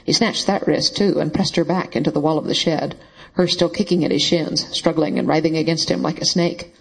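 A man narrating a novel in a steady, even storytelling voice. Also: on the high side, fairly quick, vocal fry, slightly rough, poor audio. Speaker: audiobook narrator. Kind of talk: scripted narration.

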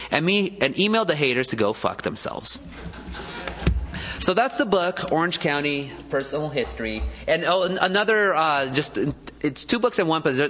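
A man's voice: on the high side, in a large hall. A man reading from his own book at a live bookstore event, then talking loosely about it with some humor. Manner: lively storytelling, self-deprecating. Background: live audience.

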